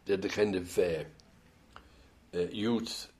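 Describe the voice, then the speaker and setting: A man's voice: low-pitched, slow, darkish tone. An older man with an Irish accent telling rambling stories in an oral history interview, full of hesitant restarts. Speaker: interviewee, former band musician.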